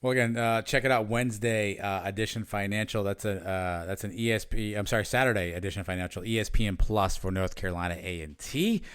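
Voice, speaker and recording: Low-voiced, smooth podcast co-host man. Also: brisk, hardly any pauses, a bit bright, no echo, studio quality. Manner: chatty, many fillers and restarts. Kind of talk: casual sports podcast chat.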